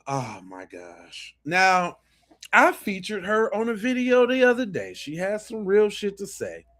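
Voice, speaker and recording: A man's voice: sits high, huge pitch swings, a little slow, a bit bright. A man hosting a podcast, giving blunt, profane commentary on video clips and often repeating and restarting his phrases. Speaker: podcast host.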